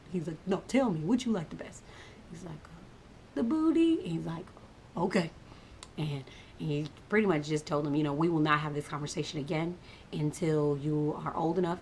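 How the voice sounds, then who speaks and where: A mother telling a story about her son in an animated, casual way, dropping to whispers for asides. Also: low-pitched, slight background noise.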